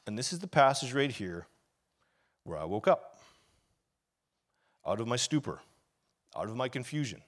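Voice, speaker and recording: A man preaching a sermon as pastor, telling his story casually and confessionally, then building up to loud, fervent preaching. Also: mid-range voice, big pitch swings, moderate pace, long pauses. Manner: storytelling, grows loud and fervent, acts out quoted shouts; casual and confessional, with laughs and sighs.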